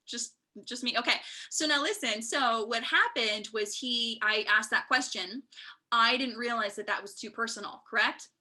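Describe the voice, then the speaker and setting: Bright, animated woman coach. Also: on the high side. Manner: animated, quotes people in lively voices. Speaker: boundaries coach. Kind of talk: live Q&A teaching.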